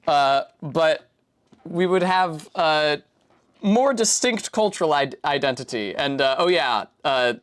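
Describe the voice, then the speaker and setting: A woman's voice: low-pitched, lively intonation, slow. A woman streamer from New England talks casually while she builds. She rambles through long digressions in a loose, chatty way. She fills her speech with fillers and corrects herself mid-sentence. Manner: full of fillers and self-corrections. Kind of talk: casual chat while building a Lego set.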